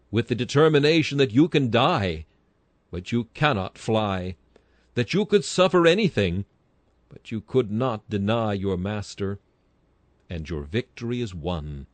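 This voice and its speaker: A man's voice: lowish voice, dry recording. A man delivering an old-fashioned sermon with earnest oratory and sudden rises in emphasis. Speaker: preacher. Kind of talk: sermon reading.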